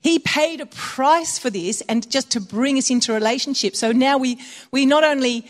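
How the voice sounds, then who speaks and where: A woman's voice: high-pitched, normal speed. A woman preaching a conversational sermon, telling personal stories and laughing often.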